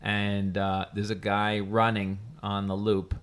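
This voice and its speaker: A man's voice: lowish voice, completely flat delivery, slow, clear, resonant tone. Rambling joking man in casual chat. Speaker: podcast host.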